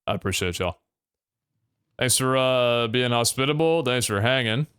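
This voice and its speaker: A man's voice: mid-range voice, takes it slowly, fairly bright tone, smooth. A young man chatting casually and tiredly on a game stream, rambling, swearing and laughing often. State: tired, yawning.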